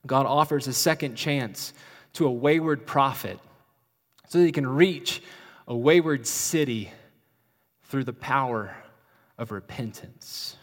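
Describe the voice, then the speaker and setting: A man preaching a sermon as a pastor, with a dynamic delivery that swings between loud emphasis and soft, hushed passages. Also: mid-range voice, measured pace, pauses often. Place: church sanctuary. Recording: long reverb of a large hall.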